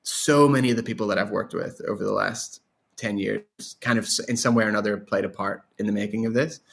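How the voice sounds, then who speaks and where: An Irish man, a guest songwriter, talking in a rambling, animated way in a casual interview. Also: on the low side, quick pace, vocal fry. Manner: rambling, animated storyteller with laughs and restarts.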